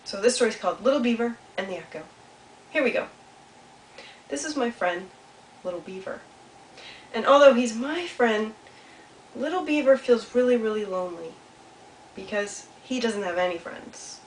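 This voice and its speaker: Lady doing puppet storytime for kids, higher voice, far from the mic, faint hiss. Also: normal speed, pauses often. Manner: animated, asks the listening children questions. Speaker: children's storyteller. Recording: roomy sound from a distance, faint hiss.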